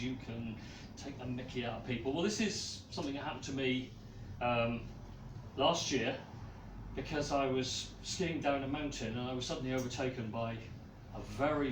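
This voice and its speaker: A man's voice: medium pitch, background noise. A man giving a comic poetry reading at a small live venue, hesitant between pieces with fillers. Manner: slow, deliberate delivery with hesitant fillers. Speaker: performance poet. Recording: roomy, distant live room mic.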